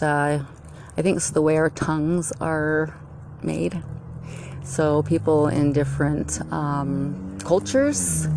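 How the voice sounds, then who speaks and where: Rambling low-voiced middle-aged woman, gravelly. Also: noisy background. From United States. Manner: rambling, meandering, with many fillers and restarts. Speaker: vlogger. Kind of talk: rambling personal monologue.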